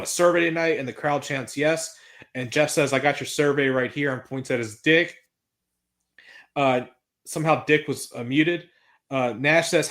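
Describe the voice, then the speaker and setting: Man, slightly high voice, casual podcast recap, excitable, swears a lot. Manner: excitable, swears freely, reads out promo quotes. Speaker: podcast co-host recapping wrestling.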